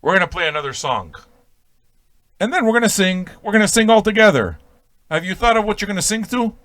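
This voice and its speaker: A middle-aged man hosting a casual radio show, rambling and swearing in a jokey way, with sudden loud bursts. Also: high-pitched, animated, fairly quick. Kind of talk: casual profane radio banter.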